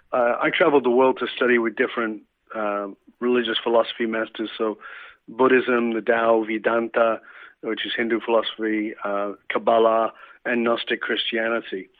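A man's voice: medium pitch, little pitch movement, normal speed, no room sound. A man from England telling a reflective story in conversation, with many fillers and restarts. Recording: tinny phone-like line.

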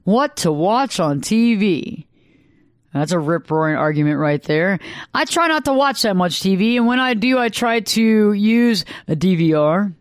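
A woman, a couples therapist, talking casually and acting out quoted arguments in sudden high bursts. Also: lively intonation, measured pace, smooth, no echo, studio quality. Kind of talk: casual solo monologue.

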